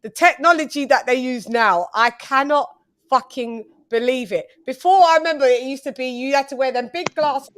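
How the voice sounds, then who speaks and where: Animated woman telling stories. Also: sits high, moderate pace. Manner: animated, storytelling with quoted voices. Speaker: host. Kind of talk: casual chat.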